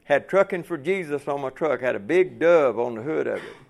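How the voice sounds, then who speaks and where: A man's voice: mid-range voice, animated, a little fast, gravelly. A man preaching a folksy sermon to fellow truckers, asking the room rhetorical questions.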